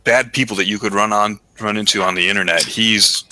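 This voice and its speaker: A man's voice: on the low side, fairly even intonation, a little fast, bright, forceful tone, low-quality recording. A man chatting in an online hangout and dropping dry, joking asides. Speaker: hangout guest. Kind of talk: casual online hangout chat.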